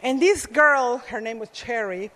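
Slow-spoken woman preaching in an echoey hall. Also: a little high, bright, forceful tone. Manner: earnest storytelling with self-deprecating asides. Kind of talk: sermon with personal story.

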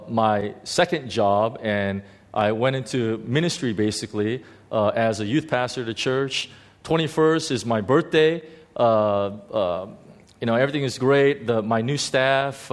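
A middle-aged male pastor preaching a sermon, halting with many fillers and dropping soft and slow at heartfelt moments. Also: mid-range voice.

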